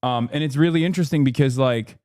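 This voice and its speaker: A man's voice: mid-range voice, a little mellow, no echo, clean studio sound. A man from the United States streaming live, ranting in a profane, exasperated way with lots of fillers and restarts. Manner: rapid run-on talk with many fillers and restarts.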